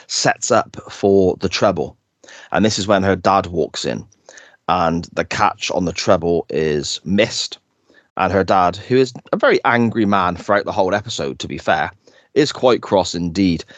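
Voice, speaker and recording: Man, very deep voice, chatty enthusiastic recap, dry close sound. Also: dry recording. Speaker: podcast co-host. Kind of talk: casual chat, recapping an episode.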